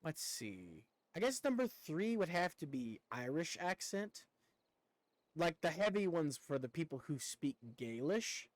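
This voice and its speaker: A man's voice: a little high, very animated, measured pace, no room sound. A man from the United States chatting casually on a live stream, rambling and cursing offhandedly.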